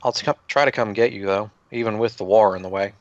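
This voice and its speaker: A man's voice: on the low side, fast, dry recording, natural voice. A man voicing a remorseful young man sending a magical message to his mother, read in an earnest, apologetic way on a muffled recording.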